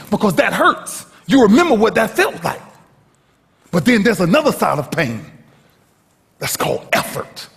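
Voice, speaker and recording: High-voiced guy giving a big motivational speech, swoops all over the place, shouts then goes quiet, long hall echo. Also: big pitch swings, normal speed, gravelly. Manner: dramatic storyteller, swinging from shouts to hushed lows. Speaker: motivational speaker. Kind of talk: motivational speech to a live audience. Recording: echoey hall reverb.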